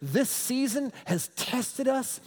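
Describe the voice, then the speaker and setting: A male pastor preaching a sermon, emphatic and animated, repeating phrases for stress. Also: extremely high pitch, slow pace. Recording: long reverb of a large hall.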